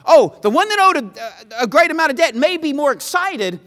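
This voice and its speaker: A man preaching a sermon, emphatic and repetitive, swinging between loud pleas and hushed lines. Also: very high-pitched, very animated, normal speed, in a large hall.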